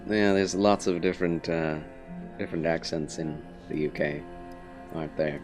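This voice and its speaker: A man streaming a video game, chatting casually with viewers in a polite, formal, gentlemanly way. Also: very deep voice, flat delivery, normal speed, music in the background.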